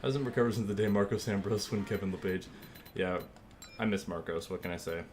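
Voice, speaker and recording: A male streamer chats casually at his desk mic, his voice sitting on the lower side. He rambles and thinks aloud between fillers, calm and easygoing. A faint background hum stays under his voice. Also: brisk. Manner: thanks viewers and thinks aloud while working. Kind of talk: casual live-stream chat.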